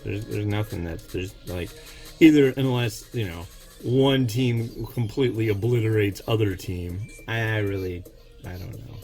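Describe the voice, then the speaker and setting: A man's voice: on the low side, a little mellow. A man hosting a noodle review show, chatting casually and in a rambling, opinionated way while he cooks and tastes. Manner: rambling, opinionated, restarts often. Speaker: host of an instant noodle review channel. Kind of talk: casual chat while cooking and tasting.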